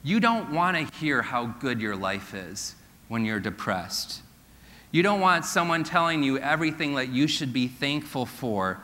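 Male pastor, sermon, earnest, bright forceful voice, long church hall reverb. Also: mid-range voice. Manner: earnest, drops to a slow hush for key points.

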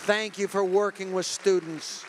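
A man preaching a sermon, telling stories in an animated way that builds to shouted fervor and calling on the congregation to applaud. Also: sits high, measured pace, long reverb tail, slight background noise. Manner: calls out to the audience for applause.

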